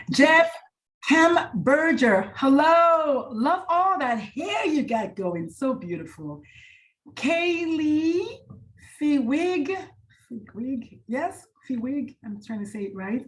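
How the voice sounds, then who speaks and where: A woman with a fairly high voice wraps up an online talk from a hotel room. She sounds warm and chatty, greeting each person on the call by name and laughing easily. It has the feel of a casual video call. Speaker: presenter.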